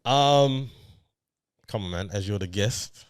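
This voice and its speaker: A man's voice: on the low side, slow, clean tone. A man with an English accent hosting a casual film review podcast, talking in a laid-back, slang-heavy way. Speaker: podcast host.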